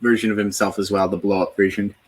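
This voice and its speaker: A man co-hosting a casual talk show, calmly asking guiding questions. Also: on the low side, fast talker, slight background noise. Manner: calm, asks guiding questions. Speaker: co-host. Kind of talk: casual discussion.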